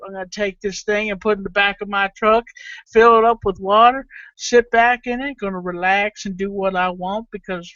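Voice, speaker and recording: A man's voice: high-pitched, fairly even intonation, normal speed, bright, forceful tone, dry recording. A man voicing a mock rowdy redneck man in a put-on Southern US accent, rattling off rambling boasts over dull lo-fi audio. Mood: boastful.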